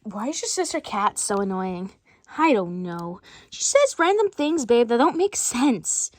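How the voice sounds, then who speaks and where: A woman performing an improvised skit, switching rapidly between many bickering characters in different voices. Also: on the high side, big pitch swings, no room sound. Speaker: storyteller voicing every character. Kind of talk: improvised doll-play skit.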